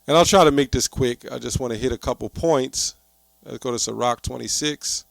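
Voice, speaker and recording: A man's voice: mid-range voice, normal speed, gravelly, no echo. Preachy man with a dry, close sound. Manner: emphatic and repetitive, often rising to heated outbursts. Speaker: online commentator. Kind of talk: preachy commentary with scripture reading.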